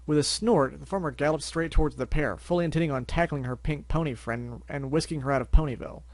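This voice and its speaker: A man's voice: on the high side, quick pace, dry recording. A man reading fan fiction aloud as narrator, with wry asides and stumbling restarts. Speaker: story reader.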